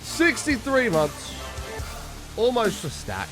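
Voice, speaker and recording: A man's voice: very high voice, wildly swooping pitch, slow, over music. A young man streaming, telling a rambling story and chatting casually, swearing freely. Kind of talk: casual livestream chat.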